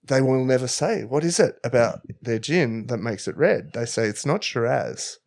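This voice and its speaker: Dude cohosting a comedy podcast, wry teasing remarks, mid pitch. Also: male voice, lively intonation, moderate pace, gravelly, darkish tone. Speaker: podcast co-host. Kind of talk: comedic banter.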